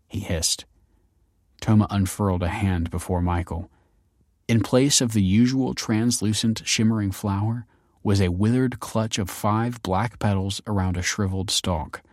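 A man reading a story aloud in measured, scripted audiobook narration. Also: on the low side, darkish tone, no room sound, studio quality.

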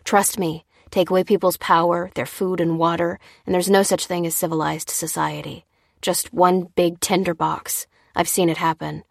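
A woman's voice: lowish voice, level tone, moderate pace, creaky, no room sound, studio quality. A woman reading the lines of a tense adult man, clipped and insistent, in a storybook reading. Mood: urgent.

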